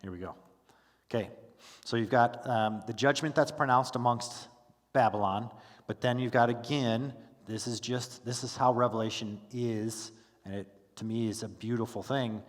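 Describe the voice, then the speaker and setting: A man teaching a Bible study class in a relaxed, conversational way, full of fillers and restarts, who stops to ask his class questions. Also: medium pitch, big-room sound. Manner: casual, with frequent fillers and restarts. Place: church classroom.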